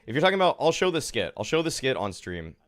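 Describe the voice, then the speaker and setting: A man streaming, talking casually and haltingly, often restarting his sentences. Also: medium pitch, big pitch swings, no room sound.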